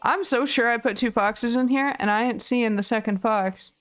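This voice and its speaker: Chatty woman streamer, higher voice. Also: moderate pace, a bit bright. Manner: chatty, talks to viewers and her pet. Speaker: game streamer. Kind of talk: casual game-stream chat.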